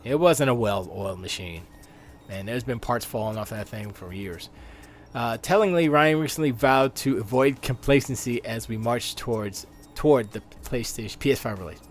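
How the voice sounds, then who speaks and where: A man's voice: medium pitch, lively intonation, normal speed, faint music behind. Rambling man hosting a gaming stream. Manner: rambling, riffs on the news he reads. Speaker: live stream host. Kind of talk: casual gaming news commentary.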